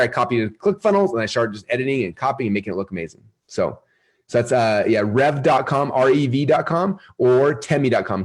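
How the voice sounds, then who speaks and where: A man presenting a live marketing webinar, energetic and salesy, often asking his audience questions. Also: medium pitch.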